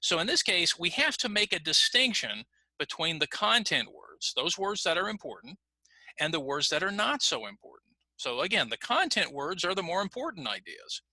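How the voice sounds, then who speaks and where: Man, middle-aged, ESL teacher, patient explaining, animated pitch, slightly high voice. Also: moderate pace, dry recording. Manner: patient explaining, lively intonation. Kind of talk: recorded online lesson.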